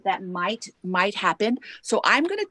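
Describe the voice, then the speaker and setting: A woman's voice: medium pitch, moderate pace, no room sound. A woman singer and songwriter, a guest in an online interview, telling stories animatedly and acting out what people said, on a lapel mic. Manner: animated, acts out quotes with laughs. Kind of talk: casual storytelling in an online interview.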